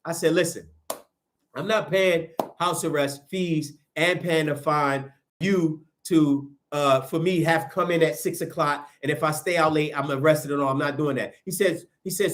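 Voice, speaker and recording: Casual male storyteller, a bit high-pitched, acts out every quote, restarts often. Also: moderate pace. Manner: animated, acts out quoted dialogue, frequent restarts. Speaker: storyteller recounting events. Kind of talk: casual first-person storytelling.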